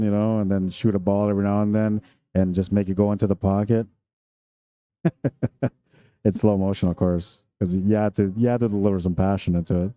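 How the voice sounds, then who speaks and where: A man's voice: fairly low pitch, dark tone, clean tone, no room sound. A man commentating a pool tournament live stream, chatty and jokey, laughing often between remarks.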